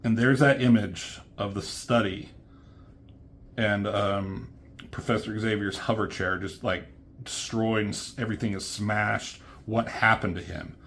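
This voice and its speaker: A man's voice: on the low side, steady tone, measured pace, fairly bright tone, a little hiss or hum. A man who is a comic book reviewer, recapping a comic in a rambling, casual way, with lots of fillers and swearing.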